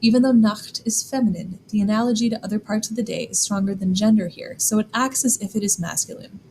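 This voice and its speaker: A woman explaining German grammar in a clear, deliberate lesson, slowing down to spell out examples. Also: mid-range voice, darkish tone, a little hiss or hum, poor audio. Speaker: German teacher. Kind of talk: scripted classroom explanation.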